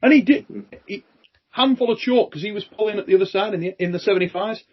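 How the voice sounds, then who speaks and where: A British man hosting a podcast, telling lively stories, acting out quoted lines and swearing freely. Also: high-pitched, quick pace, husky, muffled recording. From Britain. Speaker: podcast host and armwrestling champion. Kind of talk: casual chat, storytelling.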